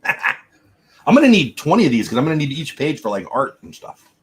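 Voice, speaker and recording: Middle-aged male host, husky, animated, jokes at his own expense. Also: fairly high pitch, normal speed. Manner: joking, self-deprecating. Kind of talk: livestream chat and book reading.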